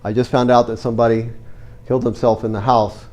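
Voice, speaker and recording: A middle-aged man talks to a room of listeners, warm and mellow in tone with a slight cold in his voice. He tells his story plainly and earnestly. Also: mid-range voice, flat delivery, fairly quick. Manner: conversational, earnest, direct storyteller. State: has a cold. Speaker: real estate investor giving a talk. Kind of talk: storytelling talk to a live audience.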